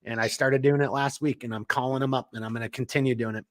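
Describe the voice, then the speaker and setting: A man's voice: medium pitch, fairly even intonation, fast talker. Blunt, ranting man from Minnesota. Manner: blunt, swears, worked-up ranting. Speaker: podcast co-host; small business owner. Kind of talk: casual political chat.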